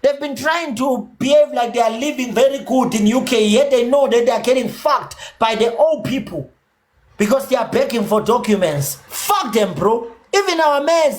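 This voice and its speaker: Combative South African man ranting on a livestream. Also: extremely high pitch. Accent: South African, Zulu. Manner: combative, profane, mixes English with Zulu. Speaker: livestream host. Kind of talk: heated livestream rant.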